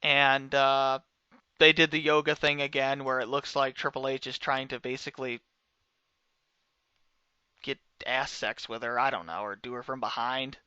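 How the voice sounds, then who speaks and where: A young man reviewing a wrestling show, talking casually and sarcastically and swinging between loud outbursts and quiet mutters. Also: mid-range voice, steady tone, normal speed, clean tone, dry recording, muffled recording.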